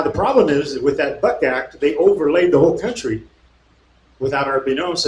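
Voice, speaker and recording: Indignant man lecturing in an echoey room. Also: fairly high pitch. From California. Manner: fired-up and indignant, rising to shouts; mocking asides. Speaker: speaker at a local meeting. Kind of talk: talk to an audience, reading aloud and explaining. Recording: echoey room with faint background noise.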